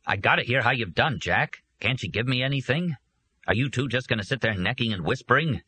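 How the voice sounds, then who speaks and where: A man's voice: mid-range voice, expressive, brisk, bright, forceful tone, husky, no room sound, voice pushed up. A man voicing an anxious, irritable drunk boss in a storybook reading, stuttering and grumbling.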